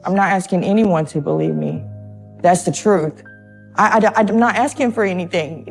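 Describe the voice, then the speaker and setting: Nervous, halting woman giving testimony. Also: fairly low pitch, gravelly, faint music behind. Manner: halting and hesitant, repeating words. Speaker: interviewee in a true crime documentary. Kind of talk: emotional interview testimony.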